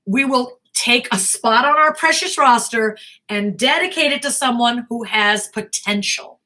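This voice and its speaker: An American woman talks straight to aspiring actors in a live question-and-answer session, blunt and emphatic. Her voice sits a little high and rings bright and forceful. She drives her points home with repetition and plain words. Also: unhurried. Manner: blunt, emphatic, animated advice-giving. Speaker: talent manager and acting coach.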